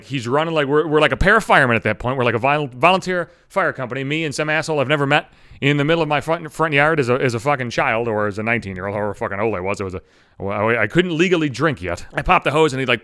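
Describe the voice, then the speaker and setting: A man's voice: medium pitch, fairly bright tone, clean tone. A man hosting a podcast, telling a story in a rambling, profane, self-mocking way. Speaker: podcast host. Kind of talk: casual solo storytelling.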